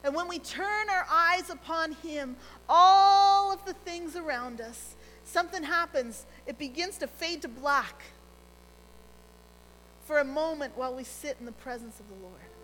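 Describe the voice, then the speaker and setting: Slow high-pitched woman preaching. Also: in a large hall, rough recording. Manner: earnest, gentle, drops to a near hush on key phrases. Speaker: pastor. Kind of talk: sermon.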